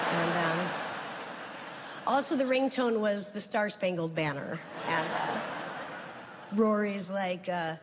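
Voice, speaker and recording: Woman comic working a big room: casual, dry delivery, reverb-washed live sound. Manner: conversational, deadpan storytelling with sudden high-pitched voices for quoted people. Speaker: stand-up comedian. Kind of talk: stand-up routine. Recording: live show with long hall reverb and faint ambience.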